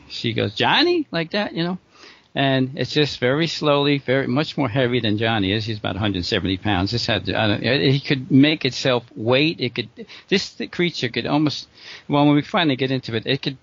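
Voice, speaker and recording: A man's voice: mid-range voice, a bit bright, no echo, muffled recording. A middle-aged man rambling through a true story in casual conversation, with lots of restarts and short laughs. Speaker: guest telling a true story.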